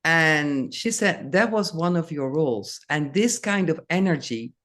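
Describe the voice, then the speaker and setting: An older woman, a guest in a casual interview, speaking slowly and haltingly with many restarts. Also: deep voice, expressive, a bit bright.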